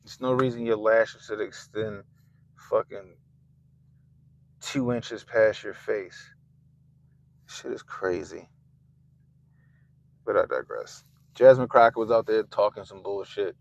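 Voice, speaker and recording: A man hosting a livestream, ranting casually and swearing constantly, swinging between loud outbursts and low mutters. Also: takes it slowly, gravelly, long pauses, muffled recording. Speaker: livestream host. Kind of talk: profane casual rant. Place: Baltimore.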